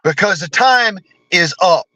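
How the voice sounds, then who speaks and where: High, bright-voiced man ranting hard. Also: animated, unhurried, low-quality recording. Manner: heavy cursing, blunt and combative. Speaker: vlogger. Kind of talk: profane political rant.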